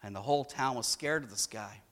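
A man's voice: mid-range voice, a little fast. A middle-aged man preaching a sermon, telling stories and acting out the lines of the people in them with rising emphasis. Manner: animated storytelling, acts out quotes with rising emphasis. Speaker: pastor.

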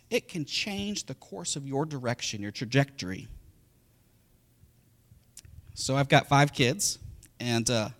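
A middle-aged man preaching a sermon as a pastor, telling the story with lively, animated delivery and acting out the voices of the people in it. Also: mid-range voice, creaky.

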